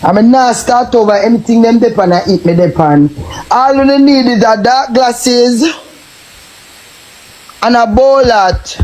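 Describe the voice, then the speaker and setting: A man's voice: very high-pitched, unhurried, pauses often, darkish tone, a little hiss or hum, poor audio. A man with a Jamaican accent, ranting and taunting in a cursing live stream tirade.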